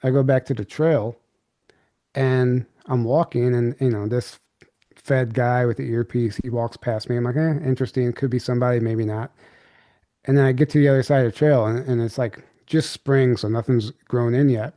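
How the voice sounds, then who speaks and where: A man's voice: medium pitch, steady tone, moderate pace, dark tone, dry recording, studio quality. A man, a podcast guest, recounting an eerie personal encounter in a loose, rambling way, full of "like" and restarts. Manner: rambling, filler-heavy recounting with many restarts. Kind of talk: candid storytelling.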